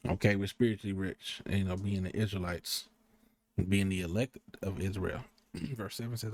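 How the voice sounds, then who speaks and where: A man giving a casual, slangy and profane sermon, rambling between asides and slow, deliberate scripture readings. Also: deep voice, fairly even intonation, a little mellow, a little hiss or hum. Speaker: street preacher.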